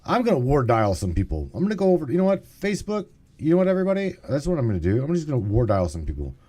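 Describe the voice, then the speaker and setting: A man's voice: medium pitch, huge pitch swings, racing, dark tone. A man hosting a casual call-in stream, rambling, swearing, and getting exasperated with tech trouble. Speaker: podcast host.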